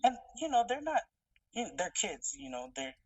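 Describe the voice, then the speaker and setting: A podcast guest in casual interview chat, speaking softly and hesitantly with many fillers. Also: mid-range voice, big pitch swings, normal speed, slightly rough, no room sound. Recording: dry, distant mic.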